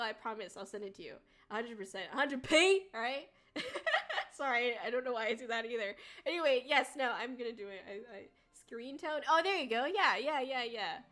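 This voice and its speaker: A young woman chats on her stream in a high, lively voice that leaps up in giggles and squeals. She rambles through her thoughts. Faint music plays behind her. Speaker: VTuber streamer. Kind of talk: casual livestream chat.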